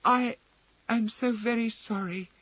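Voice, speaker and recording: A man's voice: high-pitched, slow pace, gravelly, husky, lo-fi sound, pitched above the performer's own voice, heavily acted. A man voicing a timid, frightened young woman who stammers and pleads, in an audiobook. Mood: apologetic.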